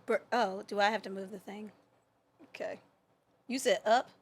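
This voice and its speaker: A woman's voice: mid-range voice, fairly even intonation, moderate pace, breathy edge. A woman co-hosting a pop culture podcast in casual chat, teasing and laughing often. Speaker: podcast co-host.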